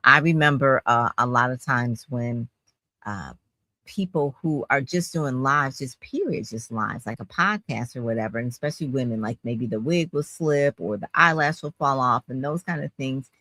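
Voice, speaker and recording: A woman hosts an interview and chats in an animated way, her questions running long and loose. Her voice is bright and crisp in tone. It comes across dry and close, with no room sound. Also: extremely low pitch, normal speed, no echo. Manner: chatty, animated, asks rambling questions. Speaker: interview host. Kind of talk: interview conversation.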